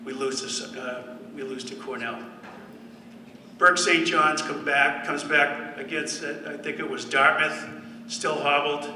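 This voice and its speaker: A man's voice: on the high side, bright, forceful tone, slight background noise. A man giving a speech to an audience, telling a story with dry humor. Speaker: former football player giving a speech. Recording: echoey hall from far off.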